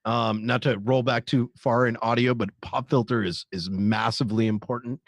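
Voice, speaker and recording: A man's voice: mid-range voice, fairly even intonation, moderate pace, no echo. A man talking in a casual panel chat, hesitant with many fillers and restarts. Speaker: streamer panelist.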